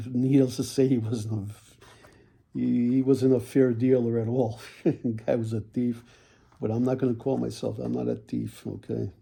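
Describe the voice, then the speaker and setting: Gravelly, dark-voiced man selling toy cars. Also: mid-range voice, level tone, measured pace. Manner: folksy salesman patter, repeats himself, frequent throat clearing. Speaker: toy car seller. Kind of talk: casual sales video.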